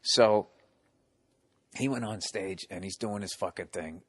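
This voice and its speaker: A man's voice: fairly low pitch, unhurried, breathy edge. A middle-aged man hosting a podcast, telling profane stories and acting out the people in them. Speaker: podcast host. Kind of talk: casual chat, storytelling.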